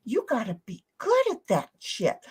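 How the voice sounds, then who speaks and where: A woman's voice: fairly high pitch, huge pitch swings, a little slow, husky. A woman co-hosting a casual livestream chat, blunt, profane and playful. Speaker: stream co-host.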